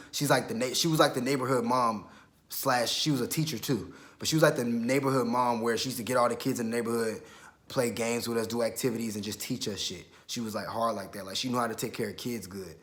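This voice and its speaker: A young man from Georgia telling a story in a casual, slangy, profane way, quoting himself as he goes. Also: medium pitch. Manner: animated, quick retelling with self-quotes. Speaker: vlogger.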